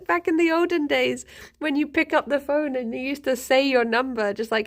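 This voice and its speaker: A young woman streaming, telling a story in a casual, giggly, animated way. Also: high-pitched, moderate pace. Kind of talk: casual chat.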